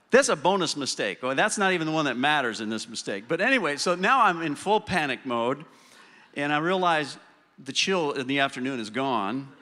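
A man telling a self-deprecating story from the pulpit, his voice bright and forward. The sound carries a long reverberant tail from a church hall. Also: on the high side. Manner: storytelling, self-deprecating, slows and softens for the lesson. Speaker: church speaker sharing a story. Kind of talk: sermon story.

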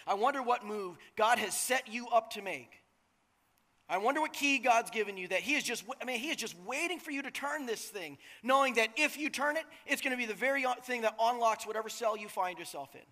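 A pastor in his thirties preaches in a loose, joking, conversational way, often checking in with his listeners. His voice is very high and bright for a man. A long reverb from the hall trails his words. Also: expressive, brisk. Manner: casual, joking, conversational, asks the crowd "right?". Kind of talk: sermon.

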